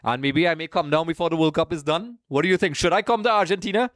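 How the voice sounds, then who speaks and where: A man chats casually as the host of a live stream, greeting viewers by name and calling them folks. His voice sits fairly high for a man. The sound is dry, with no room echo. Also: quick pace, fairly bright tone. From Trinidad. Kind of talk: casual live watch-along chat.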